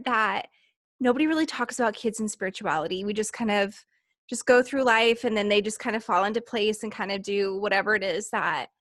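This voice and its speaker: A woman's voice: a little high, no echo, studio quality. Enthusiastic woman podcast host. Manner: upbeat and enthusiastic, with fillers. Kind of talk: casual interview chat.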